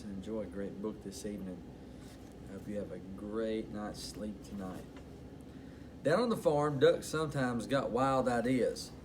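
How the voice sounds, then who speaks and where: A man's voice: medium pitch, slight background noise. Man reading a children's bedtime story. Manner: expressive, bedtime-story delivery. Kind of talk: children's picture-book read-aloud.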